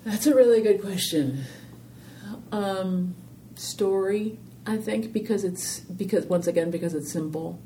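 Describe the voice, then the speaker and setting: A woman with a warm, mellow voice answers interview questions in a loose, rambling way, peppering her stories with "you know". She tells them with animated energy. A faint low rumble sits behind her. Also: a little slow. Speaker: interview guest, filmmaker. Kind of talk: casual interview conversation.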